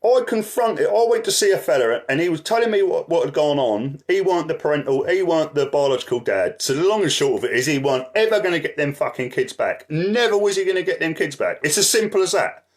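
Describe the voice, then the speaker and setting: A man's voice: fairly high pitch, animated, fast talker, hardly any pauses. A man ranting angrily in a vlog, swearing constantly and asking "right?" as he goes. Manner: shuffles through papers, voice drifts from the mic. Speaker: activist vlogger.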